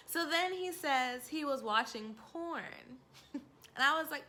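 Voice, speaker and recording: A woman's voice: high voice, normal speed. A woman in her forties casually telling a personal story to camera, candid and laughing, acting out what people said. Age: 40s. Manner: candid, laughing, animated quoting. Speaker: vlogger.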